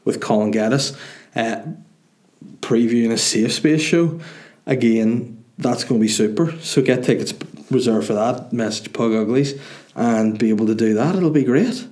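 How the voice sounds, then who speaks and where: A man's voice: medium pitch, a little mellow. A Northern Irish man hosting his own podcast, chatting in a rambling, jokey, sweary way. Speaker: podcast host and comedian. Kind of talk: casual solo podcast chat.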